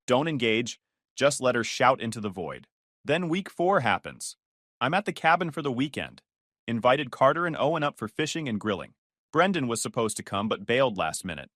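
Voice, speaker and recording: A man's voice: mid-range voice, fairly bright tone, no echo. A man narrating a first-person story in a dry, sardonic way.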